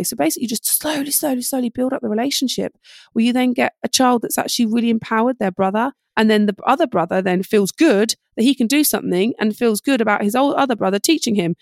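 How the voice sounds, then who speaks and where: Fast-talking woman parenting coach, gravelly edge. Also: a little high, dry recording, clean studio sound. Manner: fast, animated advice with acted-out parent-child dialogue. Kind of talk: podcast interview.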